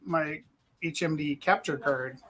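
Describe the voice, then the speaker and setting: A man's voice: a little high, steady tone, measured pace, a bit bright, rough recording. A man running the stream's camera gear, chatting casually and playfully muttering to himself. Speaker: gallery streaming tech. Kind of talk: casual chat.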